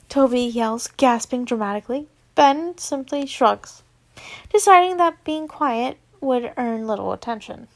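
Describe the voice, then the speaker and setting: A woman's voice: a little high, a little slow. A young woman reading a fanfiction story aloud casually, stumbling over words and chatting in asides. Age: young adult. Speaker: fanfiction reader.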